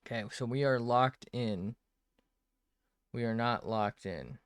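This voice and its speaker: A man's voice: medium pitch, takes it slowly, smooth, no echo, clean studio sound. A man streaming himself drawing, muttering to himself in casual commentary, swearing often and joking at his own expense.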